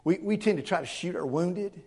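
High-voiced man preaching an earnest sermon. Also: fairly quick, dark tone, breathy edge. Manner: earnest and emphatic, with stammered word repeats and rhetorical questions. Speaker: pastor.

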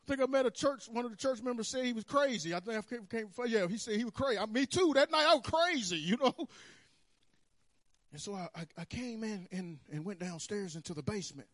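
A man preaching a sermon, telling his own story with animated swings between hushed and loud. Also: sits high, brisk, no room sound, clean studio sound. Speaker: pastor. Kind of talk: sermon testimony. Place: church sanctuary.

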